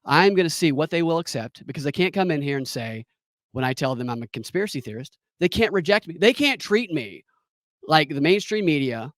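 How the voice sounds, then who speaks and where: A man spins a comic story for his podcast, his fairly high voice leaping up and down as he mocks what he describes. The sound is dry and close, with no room around it. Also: expressive, brisk, no echo. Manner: sarcastic, mocking. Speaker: podcast host. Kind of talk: comedic storytelling monologue. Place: home recording studio.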